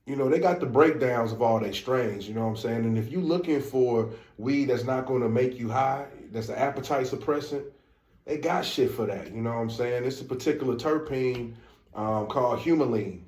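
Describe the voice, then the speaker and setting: A man with a St. Louis accent talks easily on a casual podcast, slangy and relaxed, leaning on fillers. His voice sits in a middle range. The room around him is echoey. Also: medium pitch, normal speed. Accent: St. Louis African American Vernacular English. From St. Louis, USA. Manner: laid-back, slangy, lots of fillers. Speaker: podcast co-host.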